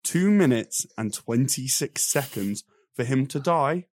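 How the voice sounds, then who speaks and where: A young man running through his notes in an exasperated, animated rant. His quoted character voices are mocking. The sound is dry and close. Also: mid-range voice, unhurried, no echo. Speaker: film review podcast co-host. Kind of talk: casual chat.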